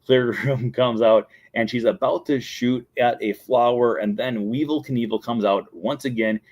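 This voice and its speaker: A man's voice: mid-range voice, steady tone, normal speed, a little mellow, lo-fi sound. A man hosting a daily show, talking casually and enthusiastically as he walks through scenes and quotes the characters' lines. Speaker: show host. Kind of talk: casual solo talk.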